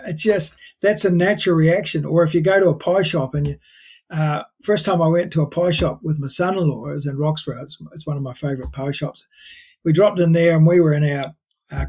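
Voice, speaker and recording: An older man with a husky, slightly raised voice, talking as a podcast guest. He rambles through his stories with frequent restarts and asides. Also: fairly high pitch, darkish tone. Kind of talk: casual storytelling chat.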